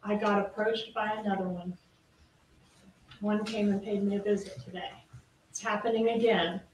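A woman's voice: mid-range voice, fairly even intonation, moderate pace, darkish tone. Emphatic female prosecutor in an echoey courtroom. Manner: pointed, emphatic, rhetorical questions. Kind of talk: courtroom closing argument. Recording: echoey, distant courtroom audio with faint noise.

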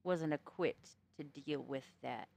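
A woman's voice: sits low, takes it slowly, creaky, darkish tone. Blunt, profane woman streamer from the East Coast. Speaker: game streamer. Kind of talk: casual chat while playing a roleplay game.

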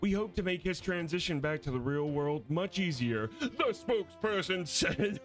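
A man's voice: high voice, expressive, normal speed, faint music behind, pitched above the performer's own voice, poor audio. A man putting on a cartoonish male TV news anchor voice, reading game text with exaggerated, bouncy newsreader delivery. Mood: hammy. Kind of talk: mock news reading while gaming.

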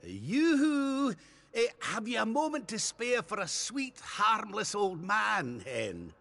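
A man voicing a lecherous, bumbling old male king with a gravelly, husky voice, over game music. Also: high-pitched, very animated, slow pace, pushed and bright, exaggerated voice. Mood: wheedling. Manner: wheedling and flustered.

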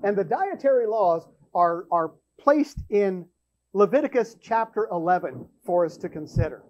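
A man's voice: high-pitched, expressive, moderate pace, darkish tone, dull audio. A man hosting a church show, teaching from the Bible in an emphatic way, often repeating words as he thinks aloud.

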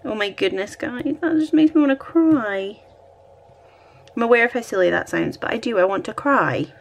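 Lively Scottish woman chatting while crafting. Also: fairly high pitch, normal speed, creaky. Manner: chatty, thinking aloud, self-deprecating. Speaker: planner vlogger. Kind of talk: casual chat while decorating a planner. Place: at home.

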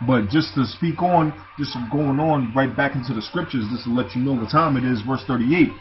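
A man's voice: medium pitch, normal speed. A man reading scripture aloud and breaking off into casual commentary, often tossing in "man" and "you see". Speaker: scripture teacher. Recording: dull lo-fi recording with music behind.

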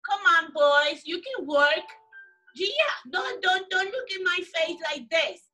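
A woman teaching young children in an online class, coaxing and praising them in simple, animated phrases. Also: very high-pitched, slow, distant mic, faint music behind, poor audio. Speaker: preschool teacher.

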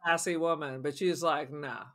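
A man's voice: sits high, expressive, moderate pace, bright, forceful tone. A man co-hosting a horror movie podcast, making sardonic wisecracks in casual chat. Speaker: podcast co-host.

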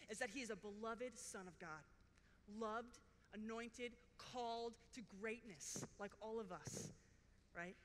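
A woman's voice: a little high, expressive, a little slow, fairly bright tone. A woman speaking at a youth conference workshop, telling a faith story in an enthusiastic, casual way with lots of "like"s. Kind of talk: faith testimony talk. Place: large conference hall. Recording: echoey hall with faint noise.

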